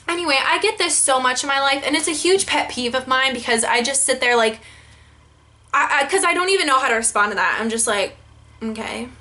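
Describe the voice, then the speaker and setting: A young woman vlogging about her pet peeves, exasperated and full of "like". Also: sits high. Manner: exasperated, heavy use of "like", animated quoting. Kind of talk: casual ranting vlog.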